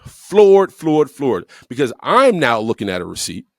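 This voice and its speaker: A man co-hosts a casual talk show, telling a story in a blunt, profane way. His pitch rises and falls a great deal as he leans on repeated words. The sound is dry, with no room echo. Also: sing-song, unhurried. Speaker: podcast co-host.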